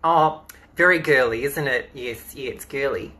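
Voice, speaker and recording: Pushed and bright, a mid-range male voice with an Australian accent reads children's books aloud in drag, streaming storytime live from home into a phone. Between pages he chats in a playful, campy way, at a normal speed.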